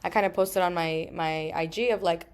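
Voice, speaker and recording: A woman in her thirties hosting a solo podcast, talking emphatically with frequent swearing and quick asides. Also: lowish voice, fairly even intonation, clear, resonant tone. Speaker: podcast host.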